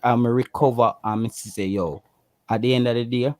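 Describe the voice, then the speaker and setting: A man's voice: mid-range voice, fairly even intonation, normal speed, no echo. A passionate Jamaican man co-hosting a casual livestream chat, emphatic and given to repeating himself. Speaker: co-host.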